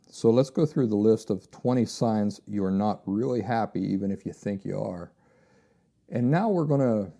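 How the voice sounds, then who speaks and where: Man, podcast host, very dark mellow tone, rambling casual talk. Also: fairly low pitch, creaky. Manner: rambling, repeats phrases and restarts.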